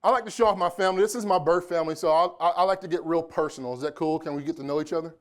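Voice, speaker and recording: A man's voice: a little high, very fast. A man in his forties from Indianapolis gives a motivational keynote to a live audience in a conference room. His voice sits slightly above the usual male range. He talks in a loose, chatty way and keeps teasing the people in the seats. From Indianapolis, United States. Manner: joking, chatty, playful with the audience. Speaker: keynote speaker.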